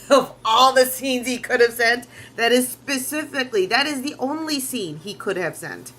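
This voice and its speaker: A woman's voice: a little high, a little slow, fairly bright tone, slight background noise. A woman artist chatting casually on a live stream as she draws, rambling, restarting sentences and swearing freely. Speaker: artist streaming while drawing.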